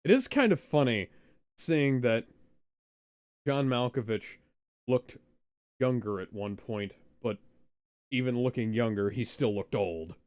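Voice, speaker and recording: A man chatting through a movie with a friend, offering easygoing, dry observations. He speaks at an ordinary middle pitch in a relaxed, conversational way. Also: unhurried, pauses often, clean tone. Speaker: movie commentary co-host. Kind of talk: casual movie riffing commentary.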